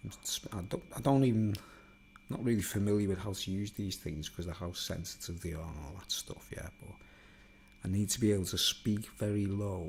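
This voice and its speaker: Gravelly, rambling Liverpool man. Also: on the low side, normal speed, a little hiss or hum. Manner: rambling, chatty, self-mocking, with many fillers. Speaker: YouTuber. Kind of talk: casual chat to camera. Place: home studio in a block of flats. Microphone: studio microphone, then a recorder's built-in mics.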